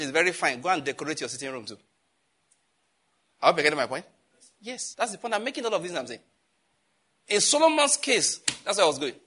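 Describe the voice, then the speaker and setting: A pastor preaches a sermon in a husky voice, animated and scolding. He mixes in jokes, and his pitch jumps suddenly.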